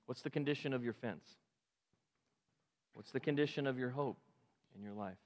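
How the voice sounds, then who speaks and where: Male pastor mid-sermon, fervent, swinging between loud peaks and hushed asides, long church reverb. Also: medium pitch, moderate pace. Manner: impassioned, rising to emphatic peaks and dropping to quiet asides. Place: church sanctuary.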